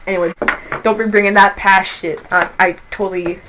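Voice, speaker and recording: A young woman reads tarot cards in a loose, chatty way. She swears freely and throws in lively quoted voices. Her pitch sits in an ordinary middle range. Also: brisk, noisy background. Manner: animated, profane, acts out quoted voices. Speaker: tarot reader. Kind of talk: casual tarot reading.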